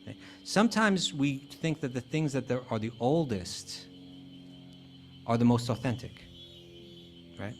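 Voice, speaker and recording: A man's voice: mid-range voice, lively intonation, measured pace, long pauses, soft background music. Man giving a casual spiritual talk. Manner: conversational, many fillers and restarts. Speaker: spiritual teacher. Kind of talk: casual lecture.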